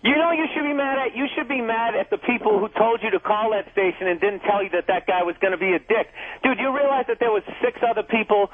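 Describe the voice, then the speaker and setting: A high-pitched man argues with indignant, profane energy as a comedian guest on a talk radio show. The audio is narrow and tinny, like a phone line. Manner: profane, indignant, fast ranting. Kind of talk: heated on-air argument.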